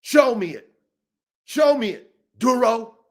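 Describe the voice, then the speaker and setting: A man's voice: very high-pitched, lively intonation, takes it slowly. A man hosting a dog-training show, delivering a heated, profane, repetitive rant that calls out a rival.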